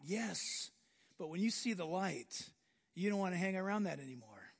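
A man preaching a sermon in an animated way, acting out scenes from the reading. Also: high-pitched, normal speed, in a large hall. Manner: animated, acts out biblical scenes in voices.

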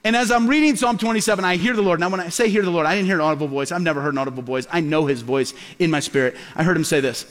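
A middle-aged male pastor preaching a sermon as a lively storyteller, acting out the voices he quotes. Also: a little high, rapid-fire, hardly any pauses. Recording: long hall reverb.

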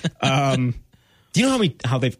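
Husky chatty radio host man. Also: medium pitch, big pitch swings, no room sound, studio quality. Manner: chatty, halting, laughs often. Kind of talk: morning radio banter.

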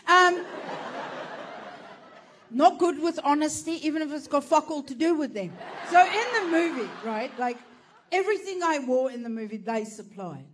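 A woman's voice: high voice, lively intonation, moderate pace, long pauses, noisy background. An Australian woman doing stand-up storytelling, brash and sweary, laughing through her punchlines. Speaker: stand-up comedian.

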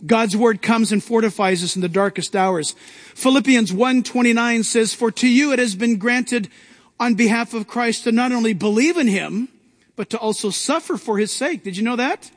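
High-pitched preaching man in a hall. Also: moderate pace. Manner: emphatic preaching with rising outbursts. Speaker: pastor. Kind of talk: sermon.

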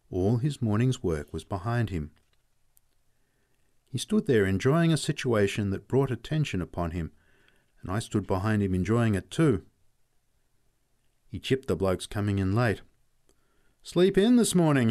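A man narrating a story in a steady, reflective way. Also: lowish voice. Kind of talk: audiobook narration.

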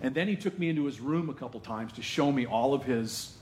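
A male pastor preaching a sermon to his congregation in a lively, conversational way, with asides to the room. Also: mid-range voice, brisk, echoey room, a little hiss or hum. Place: church sanctuary.

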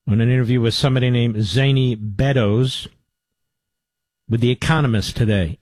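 A man's voice: medium pitch, moderate pace, darkish tone, dry recording. A man hosting a talk radio show, giving emphatic commentary that builds to urgent exhortation. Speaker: radio host.

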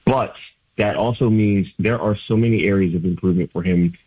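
A man's voice: fairly low pitch, brisk, husky, no echo. A man calling in as a sports writer guest, talking basketball in loose, emphatic radio chat with lots of filler likes. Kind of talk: casual sports radio analysis. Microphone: phone line. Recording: tinny phone line, dry.

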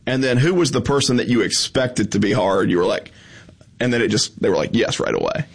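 A man's voice: mid-range voice, animated, a little fast. A man hosting a casual conversation, asking thoughtful questions. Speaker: podcast host. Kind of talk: casual chat.

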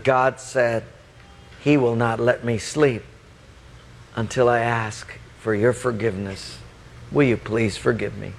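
A man's voice: medium pitch, fairly even intonation, slow pace, creaky, long pauses, in a large hall, slight background noise, voice pushed down. A man preaching, voicing his young roommate as a hesitant, stammering, apologetic guy. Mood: sheepish. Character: sheepish young man, dorm roommate asking forgiveness.

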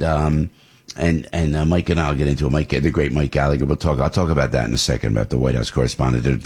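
Gravelly deep-voiced talk radio man. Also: a little mellow. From New Jersey. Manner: rambling, indignant ranting. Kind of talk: political talk radio monologue.

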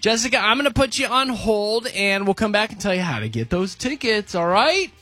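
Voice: mid-range voice, very animated, a little fast, sharp tone, dry recording, faint music behind. Upbeat radio host running a call-in game, lots of ups and downs, playful. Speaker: radio morning show host.

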